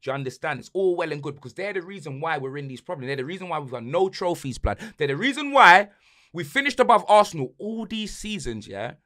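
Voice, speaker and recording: Ranting young London man, bright tense voice. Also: a little high, big pitch swings, fast talker. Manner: repeats slang tags like blood and fam, swings from shouting to muttering. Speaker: podcast host. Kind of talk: heated football rant.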